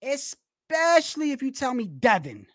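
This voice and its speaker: A woman hosting a boxing channel livestream, ranting in animated, profane, slangy talk full of restarts. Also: sits high, measured pace, dry recording, studio quality. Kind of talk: casual livestream commentary.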